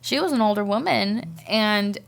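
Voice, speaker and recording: A woman guest sharing a personal testimony on a podcast, talking haltingly and repeating words as she recalls events. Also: mid-range voice, gravelly.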